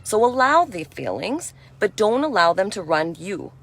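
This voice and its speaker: A woman giving a spiritual energy talk in a gentle, reassuring and affirming way, chatty with frequent "you know". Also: mid-range voice, big pitch swings, moderate pace. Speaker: spiritual speaker.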